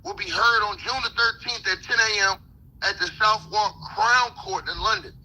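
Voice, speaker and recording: A man's voice: high-pitched, moderate pace, sharp tone, a little hiss or hum, rough recording. A man on a live stream reading news reports aloud and riffing on them in slang. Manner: reads reports aloud then riffs in slang.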